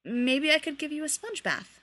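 A woman's voice: high-pitched, animated, normal speed, voice pushed up. Woman doing Sirius, a brash lovestruck boy. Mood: hopeful. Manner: loud, exasperated outbursts.

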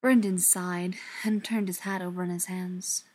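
A woman narrating a novel aloud in an expressive storytelling manner, sometimes dropping to near-whispers. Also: on the low side, unhurried. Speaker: audiobook narrator. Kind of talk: scripted narration.

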